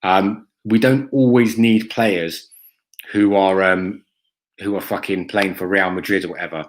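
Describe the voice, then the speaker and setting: His voice sits low and steady, with a measured pace. He's an adult fan-stream host with a school-age son, replying to chat frankly, swearing, and leaning on ums and "mate."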